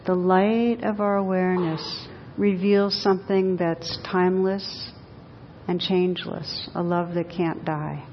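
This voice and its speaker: Woman doing a slow gentle dharma talk, kinda flat low voice, dull lo-fi hall recording. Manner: soft, slow and reflective. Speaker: meditation teacher. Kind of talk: dharma talk with a read-aloud story. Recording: dull echoey hall recording with faint rumble.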